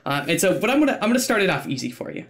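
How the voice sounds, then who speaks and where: A man hosting an esports interview podcast, opening with a scripted intro and then asking questions in an eager way, stumbling over his words when excited. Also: sits high, very fast. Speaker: podcast host.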